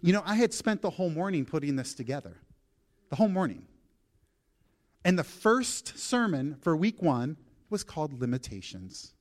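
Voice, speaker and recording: A male pastor preaching a sermon, telling a personal story, acting out his prayers and moving between soft, quiet passages and emphatic, raised ones. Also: high-pitched.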